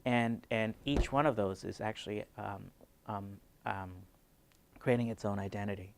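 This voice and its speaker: Gravelly-voiced man explaining planning. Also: on the low side, steady tone. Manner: measured, explanatory, with frequent fillers. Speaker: city urban design planner. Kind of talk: conference video interview.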